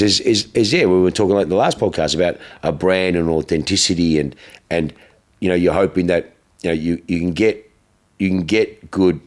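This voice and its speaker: A man co-hosting a podcast, telling a story in casual chat with lots of swearing and restarts. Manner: swears freely, restarts, gets louder and higher as the story builds. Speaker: podcast co-host.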